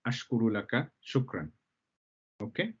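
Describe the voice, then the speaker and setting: A man's voice: medium pitch, big pitch swings, normal speed, slightly rough. A man teaching an Arabic lesson to students, explaining patiently, repeating key terms and often checking that they follow. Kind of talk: live language lesson. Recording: dull lo-fi sound.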